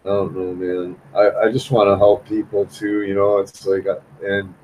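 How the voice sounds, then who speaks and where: A man with a lowish, slightly mellow voice hosts a live stream while drawing, speaking at normal speed with a flat delivery. The recording is rough with slight background noise. He chats loosely, rambling and repeating himself in frustration, and keeps saying "man."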